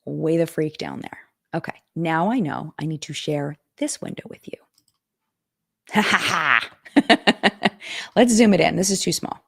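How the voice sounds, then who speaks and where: A woman's voice: low voice, huge pitch swings, moderate pace, vocal fry, darkish tone, slightly rough. A woman hosting a casual live stream, thinking aloud as she reads viewer comments and contract text. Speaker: host of a live chat stream. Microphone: streaming setup.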